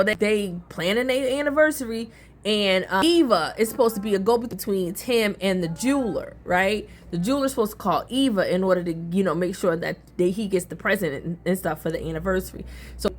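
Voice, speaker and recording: A woman hosting a casual soap opera recap, talking in an animated, colloquial way with gossipy asides. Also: medium pitch.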